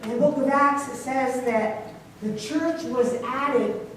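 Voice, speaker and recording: A woman's voice: high-pitched, takes it slowly, a little hiss or hum. A woman preaching a sermon in a church, telling stories and asking her congregation questions. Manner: storytelling, asks congregation questions. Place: church sanctuary. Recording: echoey church from a distance.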